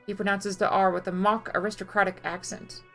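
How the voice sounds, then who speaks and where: A woman playing through a game on a live stream, reading its text aloud in an even, mid-pitched voice and cutting in with casual, cursing remarks. Her voice sits in the middle of the range, and faint music plays underneath. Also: a little fast.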